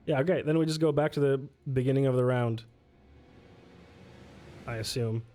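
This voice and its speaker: A man's voice: medium pitch, normal speed, dark tone, a little hiss or hum. A man casually playing through a solo tabletop game on stream, reading rules aloud, answering chat and laughing often. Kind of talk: casual livestream play-through.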